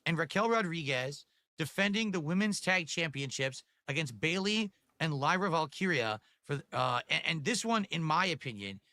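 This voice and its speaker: A man's voice: fairly high pitch, animated, moderate pace, sharp tone. Chatty male wrestling stream host. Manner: chatty, asks chat for support, restarts a lot. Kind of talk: casual live-stream wrestling chat.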